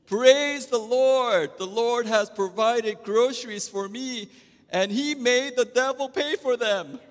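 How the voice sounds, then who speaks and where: A man voicing an elderly, devout woman who exclaims her praise loudly and slowly. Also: a little high, lively intonation, long reverb tail. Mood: jubilant.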